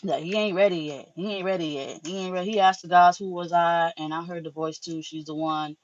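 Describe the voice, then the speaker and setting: A woman's voice: lowish voice, steady tone, a little fast, no room sound. Woman spiritual teacher, loose and profane storyteller, dry lo-fi recording. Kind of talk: casual spiritual monologue.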